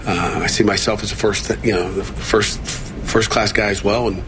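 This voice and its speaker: A man speaks as a football coach at a press conference, with a lowish voice. He halts often, restarts his sentences and fills the gaps. The clip played on air carries clear background noise. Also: fairly even intonation. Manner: halting, many fillers and restarts.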